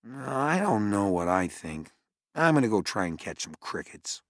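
A man voicing a quiet, curious boy in an audiobook. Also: fairly low pitch, big pitch swings, unhurried, dry recording, studio quality. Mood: calm. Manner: hushed, curious. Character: boy, quiet and thoughtful twin brother.

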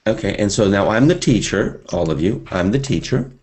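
A man with a very low voice leads a live seminar in front of a room of students. He talks with energy and speaks directly to his listeners, in a loose, conversational way. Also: expressive, brisk, a little mellow, slightly rough. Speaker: seminar teacher.

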